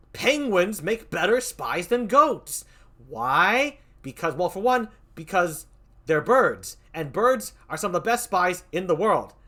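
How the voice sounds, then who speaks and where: A man hosting a livestream, doing playful improv game banter with a hammy, animated manner. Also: high voice. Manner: animated, hammy, laughs often. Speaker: stream host.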